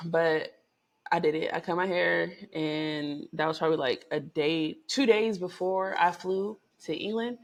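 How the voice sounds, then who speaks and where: A woman vlogger telling a personal story in a lively, chatty way, with lots of swearing and big swings in pitch and volume. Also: measured pace. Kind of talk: casual storytelling to camera.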